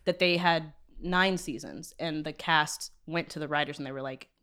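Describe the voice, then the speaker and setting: A young woman co-hosting a casual chat, telling animated stories and quoting people in voices. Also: sits low, normal speed, smooth. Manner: animated storyteller, quotes people in voices, drops soft asides.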